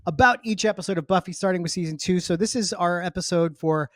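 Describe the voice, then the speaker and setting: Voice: medium pitch, a bit bright, no echo, clean studio sound. Chatty podcast co-host. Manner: chatty, digressive, quick to laugh. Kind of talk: casual podcast chat.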